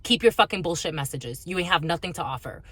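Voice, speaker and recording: A woman's voice: on the low side, lively intonation, fast talker, fairly bright tone, no room sound. A woman giving an intuitive spiritual reading to her viewers, blunt and heavily profane as she rants. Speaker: spiritual reader.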